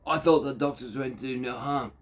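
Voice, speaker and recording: A man's voice: mid-range voice, brisk. A man in his fifties with an Australian accent, telling a crude, digressive story in a rambling monologue. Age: 50s. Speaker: factory worker.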